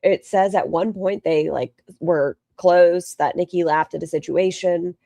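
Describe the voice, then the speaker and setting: A woman's voice: on the low side, fairly even intonation, unhurried, creaky, warm tone, no echo, studio quality. A woman live-streaming commentary, sarcastic and mocking, reading out super chats between asides. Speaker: reaction streamer.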